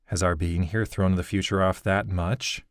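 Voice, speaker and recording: A man's voice: low voice, steady tone, moderate pace, no room sound, studio quality. Young half-elf hero in an audiobook, earnest, easily thrown, male narrator's near-own voice. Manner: earnest, flustered.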